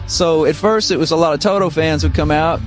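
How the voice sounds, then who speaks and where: Relaxed man telling stories. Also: fairly high pitch, brisk, soft background music. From Missouri, United States. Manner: relaxed, rambling anecdotes with many fillers. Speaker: guest musician, guitarist. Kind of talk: casual interview storytelling. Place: radio studio.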